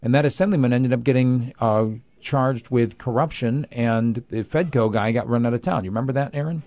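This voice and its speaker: A man's voice: medium pitch, fairly quick, a little mellow, no echo. Man hosting a call-in radio show. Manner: conversational, takes calls with short greetings. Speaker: radio talk show host. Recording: dull lo-fi radio broadcast.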